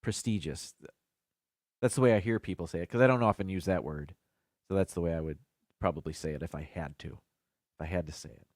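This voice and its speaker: A man's voice: deep voice, fast talker, a little mellow, dry recording, studio quality. A man hosting a casual live stream by himself, chatting as he thinks aloud. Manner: chatty, muses aloud about word pronunciations.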